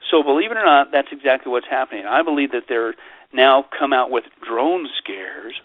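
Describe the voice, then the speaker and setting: A man, a pastor being interviewed, talking in a lively, sarcastic way and slipping into mocking voices to make his point. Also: medium pitch, moderate pace. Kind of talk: animated interview talk. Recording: tinny phone-line audio.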